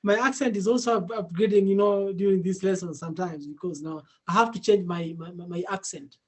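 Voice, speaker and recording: A man teaching a casual online Swahili lesson, repeating words slowly and laughing often. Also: high-pitched.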